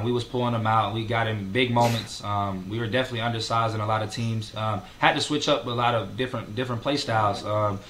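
Young guy ballplayer chatting easy, lots of ums and "man", bright voice. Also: medium pitch, slight background noise. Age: young adult. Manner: relaxed, many fillers like um and man. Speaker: college basketball player guest. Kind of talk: casual interview talk.

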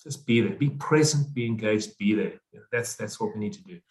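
A man's voice: on the low side, fairly quick, a little mellow. A man from South Africa, a guest on a podcast interview, speaking earnestly and repeating his key phrases.

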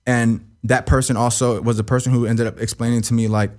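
A young man as an interview guest, talking emotionally in a halting, profane way that stumbles and repeats. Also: medium pitch, level tone, a little mellow.

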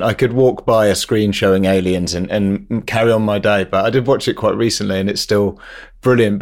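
A man hosting a podcast, chatting casually and telling an easygoing anecdote. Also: fairly low pitch. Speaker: podcast host.

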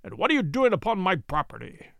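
A burly, bullying baronet who thunders his words in a high, swooping voice, as a man acts him out. He sounds like a storybook villain. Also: big pitch swings, fast talker, creaky, fairly bright tone, dry recording, clean studio sound, heavily acted. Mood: furious. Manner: thundering, blustering. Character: angry burly middle-aged male baronet, bullying.

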